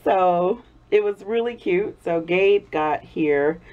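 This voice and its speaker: A woman in her thirties chats through a personal story while she works in her kitchen, laughing often and gushing as she goes. Her voice sits fairly low, and she is still getting over an illness. The recording sounds a little dull and lo-fi. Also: slow. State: recovering from illness. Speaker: soap-making vlogger. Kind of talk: casual storytelling vlog.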